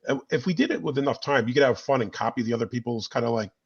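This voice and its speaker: A man's voice: medium pitch, very fast, slightly rough, lo-fi sound. A man co-hosting a live beer stream, chatting casually with jokey asides. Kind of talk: casual chat.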